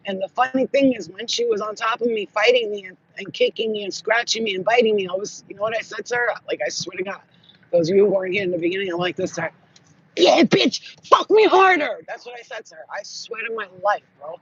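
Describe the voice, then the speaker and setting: A man telling spiritual stories in casual monologue, profane and animated, acting out what people said. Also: sits high, quick pace, slightly rough, dull audio. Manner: profane, animated, acts out quotes. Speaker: spiritual channel host.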